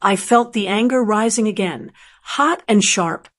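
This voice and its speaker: A woman's voice: medium pitch, a little slow. A woman narrating a first-person story in a tense, dramatic manner.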